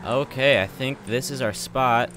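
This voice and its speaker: A mid-pitched man voicing a bossy police officer in a game roleplay. He barks commands and taunts between quieter asides, with a faint hum of noise under the voice. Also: measured pace. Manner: bossy, barking commands, mocking. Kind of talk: in-character game roleplay with commentary.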